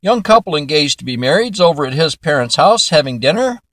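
An older man spins a folksy joke with an easygoing drawl. His voice sits a little high and swings widely up and down. The recording is close and dry. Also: very animated, a bit bright, no room sound. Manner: folksy, drawn-out storytelling. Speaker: joke teller. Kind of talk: telling a joke story.

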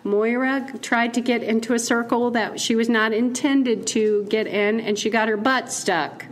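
Playful woman preaching, higher voice. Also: a little slow, a little hiss or hum. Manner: playful and animated, laughing at her own asides. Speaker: keynote speaker. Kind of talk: conversational sermon.

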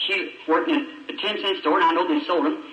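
A man's voice: high voice, fairly quick, pushed and bright. A man preaching in a folksy, emotional storytelling way with plain country grammar, recorded from a distance on an old roomy sermon tape.

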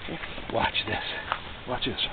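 Folksy DIY guy, mid-pitched, rambling how-to chatter; tinny phone-like sound, mic far off. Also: normal speed, very noisy. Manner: folksy, rambling, joking asides. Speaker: DIY motorcycle repair vlogger. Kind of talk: casual how-to demonstration.

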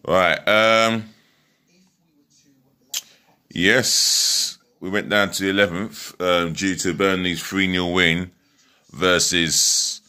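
A man chats through a football match preview in a casual home vlog. His voice sits low but carries a bright, forceful edge. He rambles, stops and restarts, and leans on fillers. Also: smooth. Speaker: football fan vlogger.

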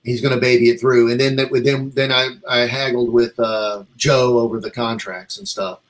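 Recorded roughly, this man speaks at a medium pitch and moderate pace. As a comic artist guest in a casual interview, he spins a long, rambling, animated story, performing the quoted dialogue of people he dealt with.

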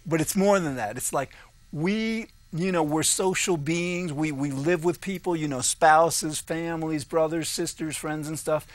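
A man's voice: on the high side, a little slow, no echo. A man co-hosting a casual discussion show, explaining his ideas in a rambling way with frequent laughs. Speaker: co-host.

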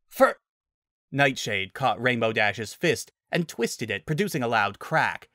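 A man narrating a dramatic story reading in an animated way. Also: medium pitch, a little slow, no echo, clean studio sound.

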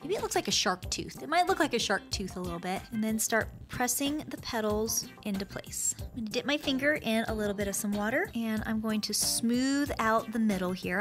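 A young woman hosting a gaming and craft channel, gushing with excitement and gasping as she talks to her viewers. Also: fairly high pitch. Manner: excited, gushing, squeals and gasps. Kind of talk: bubbly game commentary and craft tutorial.

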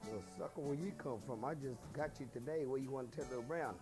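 A man's voice: mid-range voice, fast, music in the background. A middle-aged man, hosting a casual home cooking show in his kitchen, chatty and boastful, dropping phrases as he goes.

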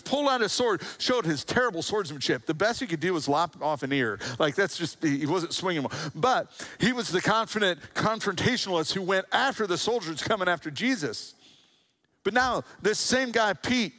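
A man preaching a sermon in a lively storytelling style, slipping into quick jokes between the serious points. His voice sits a little high for a man. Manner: animated storytelling preacher, acting out quotes with humor. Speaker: pastor.

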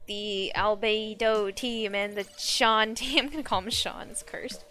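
A woman streaming a game live, chatting casually and reacting excitably to the action. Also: medium pitch, unhurried, faint music behind. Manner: animated, excitable, squeals and laughs at the game.

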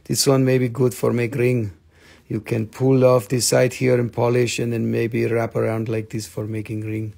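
A man's voice: medium pitch, little pitch movement, moderate pace, creaky, warm tone. A man hosting a live crystal sales stream, joking around and switching into playful broken-English banter.

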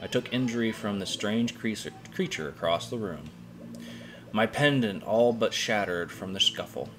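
A man voicing a dying adventurer's note in a slow, tired, grave reading. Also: fairly low pitch, lively intonation, background noise, close to an everyday voice.

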